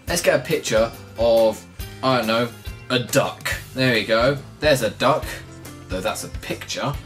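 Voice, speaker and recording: A young vlogger rants in a casual, sweary way, and the voice swoops all over its range and often leaps toward a near-shout. The pitch sits in the middle on average. Faint music plays underneath. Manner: animated, sweary ranting with big swings up to near-shouting. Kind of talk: casual ranting vlog.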